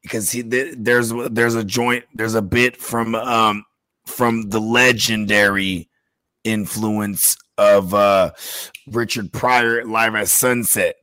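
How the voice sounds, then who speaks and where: A man hosting a casual, slangy chat, excitedly pointing his guest to a comedy clip. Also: lowish voice, slow pace, smooth, dry recording. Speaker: host reacting to a comedy clip.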